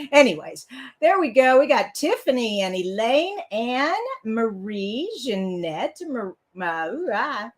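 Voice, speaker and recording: A woman's voice: on the high side, big pitch swings, slow. A woman hosting a casual live card-making tutorial, chatty and rambling, often laughing.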